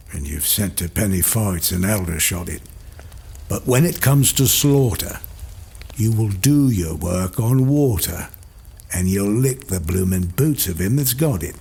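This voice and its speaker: Slow gravelly man reciting a poem over music. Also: low-pitched. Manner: theatrical, voicing a rough soldier with dropped g's and loud bursts of shouting. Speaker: poetry reader. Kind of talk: dramatic poetry recitation. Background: music score.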